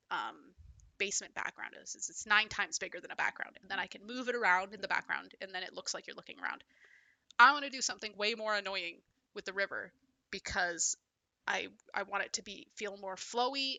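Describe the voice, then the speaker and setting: Young woman game developer with a fry-edged, bright voice, recorded close and dry, brainstorming aloud, halting and self-deprecating. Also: medium pitch, dry recording. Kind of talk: casual brainstorming commentary over gameplay.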